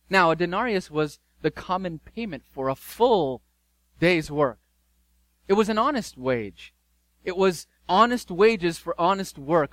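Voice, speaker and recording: A male pastor preaching a sermon, telling a story with emphatic repetition and dramatic pauses. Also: a little high, a bit bright, no room sound, rough recording.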